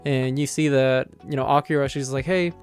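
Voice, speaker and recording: A man's voice: mid-range voice, monotone, a little fast, darkish tone, faint music behind. A man casually recapping a manga chapter, rambling with lots of filler words and amused laughs. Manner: rambling, heavy on "like" and "you know" fillers; amused, laughs while retelling.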